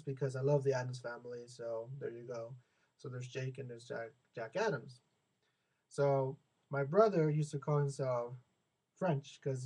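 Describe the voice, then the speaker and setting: A man's voice: medium pitch, vocal fry, mellow, low-quality recording. A young American man venting in a casual, rambling monologue. He often repeats and restarts his words and acts out the people he quotes. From United States. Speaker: vlogger.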